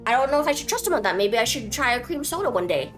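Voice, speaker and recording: A woman's voice: fairly high pitch, sing-song, rapid-fire, soft background music. A young woman streaming a game, chatting in a goofy, rambling, playful way. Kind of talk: casual game commentary.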